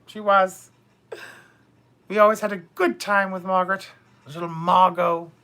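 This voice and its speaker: Man doing a high, bright, slow-talking bawdy duchess, theatrical and gossipy, for a comedy stream. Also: fairly even intonation, exaggerated voice. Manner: theatrical, calls viewers darling and my dears. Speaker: live stream host. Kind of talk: comedic character live stream.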